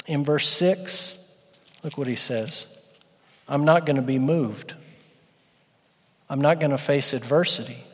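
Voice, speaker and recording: A man's voice: on the high side, a little mellow. A preaching man with a raised voice in a reverberant hall. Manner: emphatic preaching with dramatic pauses. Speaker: pastor. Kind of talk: sermon. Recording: long church-hall reverb.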